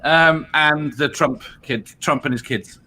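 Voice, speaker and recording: A man co-hosting a casual livestream chat, easygoing and quick to laugh, speaking in short remarks. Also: on the high side, bright, forceful tone, a little hiss or hum. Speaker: co-host.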